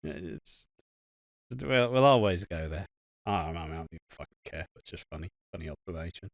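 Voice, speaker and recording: A man's voice: sits low, lively intonation, fairly quick, gravelly, dry recording, studio quality. A man co-hosting a podcast, casually recapping a soap episode, swearing, laughing and rambling. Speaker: podcast co-host. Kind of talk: casual crude podcast banter.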